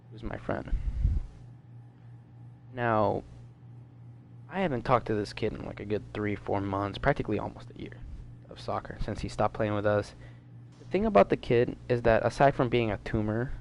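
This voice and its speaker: A nineteen-year-old man from the Washington DC area tells a story in a loose, rambling way, peppered with swearing and filler words. His voice sits fairly low with a gravelly fry. A faint hiss of noise runs underneath. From Washington DC metro area, US. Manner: rambling, profane, filler-heavy. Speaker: gaming vlogger. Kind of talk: casual storytime.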